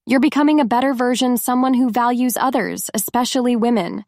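Soft, composed wife, read by a woman. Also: on the high side, fairly even intonation, brisk, dry recording, clean studio sound, pitched above the performer's own voice, natural voice. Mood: gentle firm. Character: calm, firm older woman reforming her husband.

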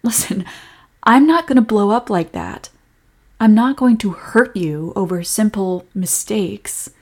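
Young woman whispering in a role-play, breathy and soothing, protective girlfriend vibe. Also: mid-range voice, expressive, measured pace. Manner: soft, comforting, protective.

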